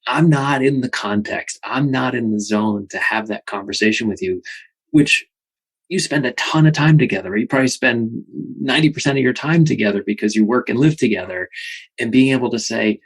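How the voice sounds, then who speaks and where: A man's voice: fairly low pitch, husky, low-quality recording. An American man hosting a podcast, reflecting on his guest's points and asking thoughtful questions with a few restarts. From United States. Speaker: podcast host. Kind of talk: casual interview.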